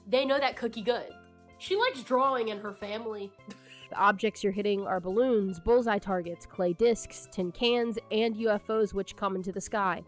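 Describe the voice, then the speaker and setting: A woman's voice: mid-range voice, normal speed, faint music behind. A woman doing comedic cartoon commentary, sarcastic and profane, jumping into sudden put-on voices. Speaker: commentary youtuber.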